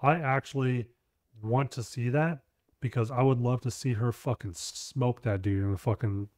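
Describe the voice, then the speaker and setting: A man's voice: medium pitch, normal speed, a little mellow, no echo, clean studio sound. Blunt, rambling man on a podcast. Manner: blunt, rambling, swears casually. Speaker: podcast co-host. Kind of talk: casual chat.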